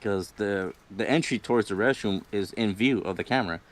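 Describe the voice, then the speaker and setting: A man's voice: lowish voice, fairly quick, slight background noise. A young man casually telling a personal ghost story on a livestream, rambling, swearing freely and laughing between lines. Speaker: guest storyteller.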